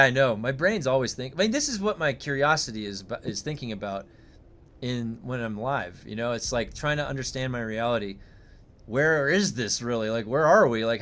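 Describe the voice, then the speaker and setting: A game streamer with a mid-range, slightly bright voice talks into a desk mic during a casual livestream. He muses aloud in a rambling, curious way, swearing every so often.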